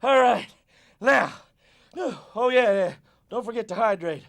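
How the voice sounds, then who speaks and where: A man acts out a loud, peppy football coach with a strikingly high, gravelly voice. He barks hyped-up encouragement in a scripted kids' fitness skit. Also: animated, slow, heavily acted. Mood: pumped up. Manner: shouty, hyped-up cheerleading.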